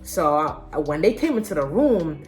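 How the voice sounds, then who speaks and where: A woman's voice: low-pitched, very animated, moderate pace, a little mellow, soft background music. A young adult woman telling a personal story in a casual vlog, candid and slangy. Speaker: vlogger.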